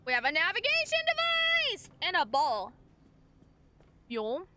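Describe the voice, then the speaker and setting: A young woman streaming a game, giving bubbly, excitable commentary and talking to her chat. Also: very high-pitched, unhurried. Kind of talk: gameplay commentary.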